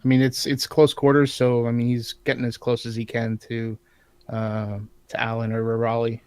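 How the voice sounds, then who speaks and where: A man's voice: mid-range voice, completely flat delivery, normal speed, darkish tone, smooth, no echo. A man narrating a tabletop game as game master, hesitant and full of filler words.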